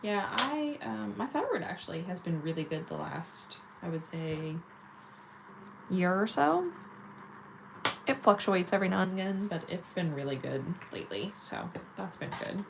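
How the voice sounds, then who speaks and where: A woman's voice: on the low side, lively intonation, normal speed, gravelly, noisy background. A woman chatting casually and giggling while doing her nails on camera. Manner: chatty, giggly, self-mocking. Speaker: nail vlogger.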